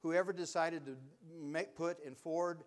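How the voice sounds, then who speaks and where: An older man preaches a sermon in a high, smooth voice. He tells folksy stories, then rises to fervent exhortation. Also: steady tone, measured pace.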